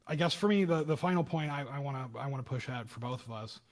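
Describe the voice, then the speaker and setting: A young man co-hosting a casual podcast, talking through a news story with heated emphasis and bursts of louder, higher speech. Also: fast talker. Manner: animated, acts out quoted voices with rising pitch and loudness. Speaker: podcast co-host. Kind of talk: casual political commentary chat.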